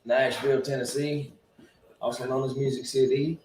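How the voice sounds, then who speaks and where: A man co-hosting a live stream in casual chat, teasing the others with quick quips. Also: mid-range voice, level tone, a little mellow, reverberant, a little hiss or hum, poor audio.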